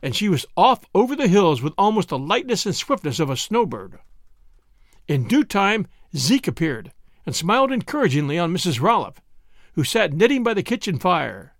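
A man reading an old novel aloud as an audiobook narrator, with expressive storytelling. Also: sits high, normal speed, dry recording, studio quality. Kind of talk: scripted narration.

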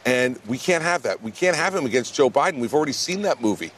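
A man's voice: mid-range voice, animated, fast, fairly bright tone. A man, a presidential candidate answering questions in a blunt, emphatic way in a TV news interview. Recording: faint background noise.

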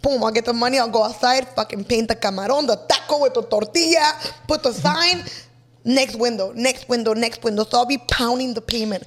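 A woman's voice: on the high side, a little fast. A young woman from Los Angeles, a guest artist in a casual interview, telling stories with lots of energy and cursing freely. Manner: energetic, swears freely, mixes in a second language.

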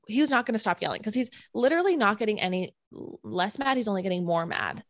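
A young woman co-hosting a podcast, telling a story in a casual, animated way, full of fillers and acted-out quotes. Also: fairly high pitch, fairly quick, no room sound. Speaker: podcast co-host.

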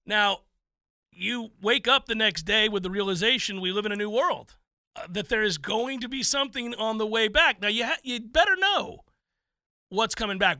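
A man hosting a sports talk show, telling stories in an animated, theatrical way. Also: high voice, no room sound. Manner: animated, theatrical storytelling with laughs. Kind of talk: casual chat.

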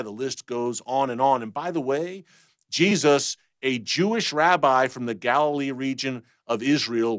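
A man's voice: mid-range voice, fairly bright tone, dry recording, clean studio sound. A man speaking as an interview guest, emphatic and methodical, laying out his points by number. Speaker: guest, TV host. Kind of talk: conversational teaching.

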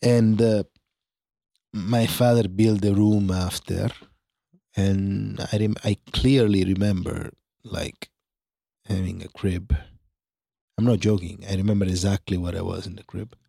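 A man's voice: low-pitched, unhurried, gravelly, pauses often, dry recording, studio quality. A man with an Italian accent, nasal and congested, chatting casually as a podcast co-host from his bedroom. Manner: relaxed, reminiscing storyteller. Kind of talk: casual chat. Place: bedroom at home.

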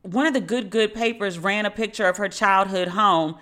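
A woman's voice: medium pitch, moderate pace, a bit bright. A woman hosting a podcast, telling a story in a candid, slangy and sardonic way. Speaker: podcast host. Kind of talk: casual storytelling monologue.

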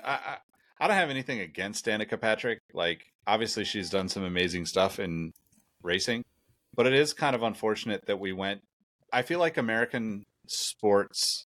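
A man with a low voice co-hosts a casual podcast. His humor is dry and sarcastic, delivered in an offhand, conversational way. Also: fairly bright tone. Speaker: podcast co-host.

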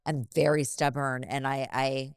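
Host: young woman, low and smooth, animated casual interviewer. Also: a little slow, dry recording, clean studio sound. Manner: lively, acts out quoted speech. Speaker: podcast host, mother.

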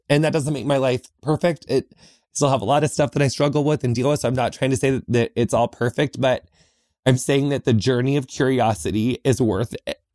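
A man's voice: mid-range voice, darkish tone, no echo, clean studio sound. Earnest man hosting a podcast from a closet. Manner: earnest, reflective, often says "like". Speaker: podcast host. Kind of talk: heartfelt solo podcast talk. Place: small closet.

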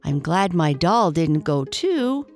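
A woman's voice: big pitch swings, slow, darkish tone, faint music behind, full character voice. Woman voicing a tearful little girl. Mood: relieved. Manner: high, wailing and begging.

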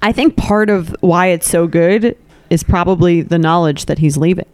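Podcast co-host, casual chat, lots of "like" fillers, smooth clear voice, dry close sound. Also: medium pitch, fairly even intonation, moderate pace, a little mellow, no room sound. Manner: easygoing, with many fillers like "like".

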